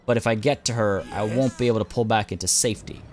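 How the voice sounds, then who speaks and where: A man's voice: lowish voice, steady tone, quick pace, crowd noise. A man hosting a game let's play, losing his voice as he thinks aloud with plenty of uhs and ums. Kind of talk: gameplay commentary.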